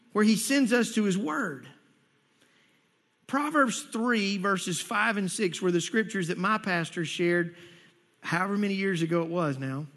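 High-voiced man preaching in a reverberant hall. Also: fairly bright tone. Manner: earnest storytelling, rising emphatic near the end. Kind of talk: sermon.

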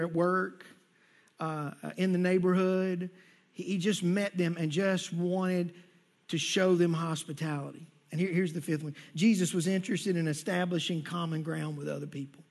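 A man's voice: high voice, a little mellow. A male pastor giving a conversational sermon to his congregation, often repeating words as he goes. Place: church sanctuary.

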